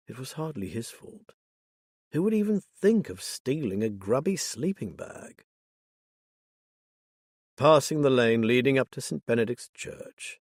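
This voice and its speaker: Casting: male audiobook narrator, mid-pitched, steady and measured, dry close-mic sound. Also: no echo. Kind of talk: scripted narration.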